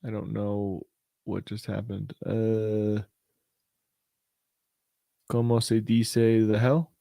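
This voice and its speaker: A man's voice: lowish voice, little pitch movement, takes it slowly, vocal fry, dark tone, no room sound, studio quality. A man hosting a casual crypto show, talking through price charts in a rambling, chatty way with lots of fillers and restarts. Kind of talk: casual live chart commentary.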